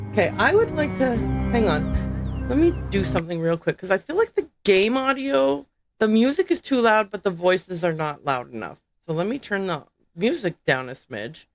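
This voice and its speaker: A woman's voice: medium pitch, a bit bright. A woman streamer chatting casually while playing a game, thinking aloud and poking fun at herself. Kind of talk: casual gameplay livestream commentary. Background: game music.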